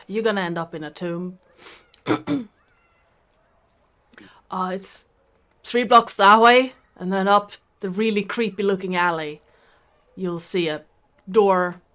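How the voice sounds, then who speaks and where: A woman voicing a dockside local in an improvised tabletop game, halting and full of restarts. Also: medium pitch, fairly bright tone. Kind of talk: improvised tabletop role-play.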